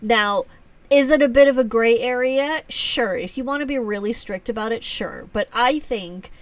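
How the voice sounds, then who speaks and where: A woman hosts a relaxed live stream and chats with her viewers, poking fun at herself and laughing often. Her voice sits at an ordinary middle pitch. She is picked up from a little way back from the microphone. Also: recorded from a distance. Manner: chatty, self-teasing, laughs often. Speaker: livestream host. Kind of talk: casual live chat answering viewers.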